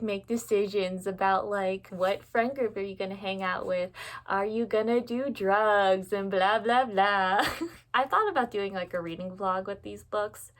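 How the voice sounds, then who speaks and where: A woman's voice: mid-range voice, a bit bright. A woman in her twenties talking casually at home about her bookshelves, candid and self-mocking, laughing often and swearing offhandedly, filmed on her phone. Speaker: book vlogger. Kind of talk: casual chatty vlog. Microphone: phone camera.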